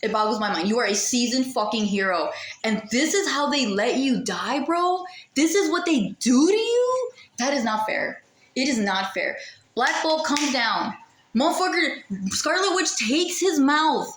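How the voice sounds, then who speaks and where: A woman's voice: sits high, big pitch swings, unhurried, fairly bright tone, reverberant. A woman ranting casually and sarcastically to a camera, exasperated and swearing freely. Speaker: vlogger. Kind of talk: casual rant.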